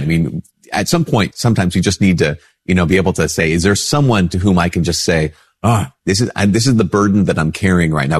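Husky-voiced priest with a stuffy nose. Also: male voice, no echo, clean studio sound. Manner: conversational, acts out quoted replies in a higher voice. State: a bit sick with a stuffy nose. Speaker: Catholic priest. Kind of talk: casual spoken reflection.

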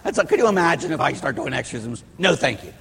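A middle-aged Catholic priest from Pittsburgh giving a sermon, rambling through personal stories with restarts and asides. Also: male voice, mid-range voice, expressive, quick pace, creaky, fairly bright tone, breathy edge. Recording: hall reverb.

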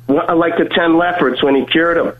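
A man tells a heartfelt story over a thin, phone-like line, his voice sitting a little high for a man. He talks earnestly and haltingly, stumbling and repeating words as he goes. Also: steady tone. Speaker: caller telling a personal faith story. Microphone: telephone.

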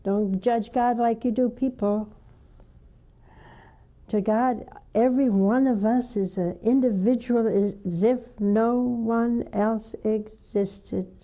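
A nun leads a devotional broadcast and takes calls from viewers. Her voice is very dark and mellow, set a little high, and she speaks unhurriedly. She leans into emphatic highs, then falls back to hushed, tender asides. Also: steady tone. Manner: slow, emphatic, rising to fervent highs then dropping soft. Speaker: nun hosting a call-in show. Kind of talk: devotional teaching and call-in counsel.

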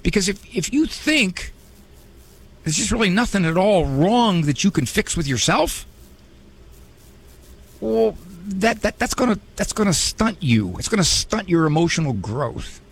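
A man's voice: high voice, sing-song, a little slow, husky. A man hosting a radio advice talk show, conversational and humorous with a preachy bent.

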